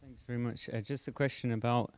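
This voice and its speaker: A man in the audience asking a halting question with many pauses. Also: mid-range voice, level tone, a little mellow, slight background noise. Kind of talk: hesitant spoken question.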